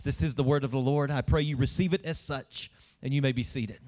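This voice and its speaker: A man's voice: mid-range voice, fairly even intonation, fairly quick, a little mellow. A man preaching a sermon as pastor, reading scripture aloud and explaining it with emphasis to a congregation.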